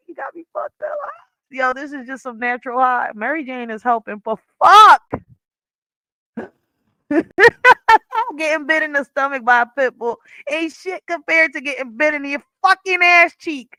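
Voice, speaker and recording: Bright, laughing woman telling a profane story. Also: high-pitched, big pitch swings, normal speed, no echo, rough recording. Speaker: livestream host. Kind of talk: casual livestream chat. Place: at home, sitting on a chair. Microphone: wearing headphones.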